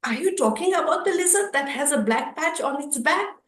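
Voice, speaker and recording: Gentle motherly cow from a children's storybook, as a woman storyteller voices her, with a raised, lilting voice, coaxing and soft-spoken. The sound rings in an echoey room. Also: high-pitched, lively intonation, a little fast, far from the mic, voice pushed up. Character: kind motherly female cow.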